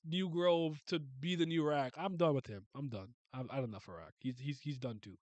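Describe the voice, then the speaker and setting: A man's voice: fairly high pitch, fairly quick, hardly any pauses, no echo. A man giving casual reaction commentary, ranting in exasperation with frequent exclamations and stammered restarts. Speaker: webcomic reaction host.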